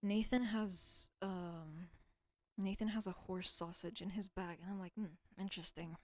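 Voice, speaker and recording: A woman's voice: mid-range voice, fairly even intonation, a little slow, a little mellow, dry recording. A woman rambling alone on a casual stream, swearing often, stumbling over words and dropping into whispers now and then. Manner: rambling, profane, self-deprecating.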